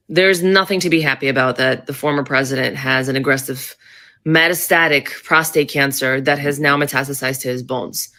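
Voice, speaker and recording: A woman's voice: deep voice, fairly bright tone. A woman in her thirties giving heated political commentary, blunt and sarcastic, swearing freely. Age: 30s.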